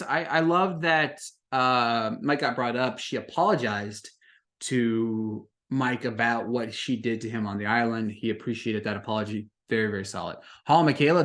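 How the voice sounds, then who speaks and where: A young man hosting a podcast, recapping a reality show in casual chat and jumping into excited outbursts. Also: mid-range voice. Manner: animated, jumps to excited outbursts and laughs.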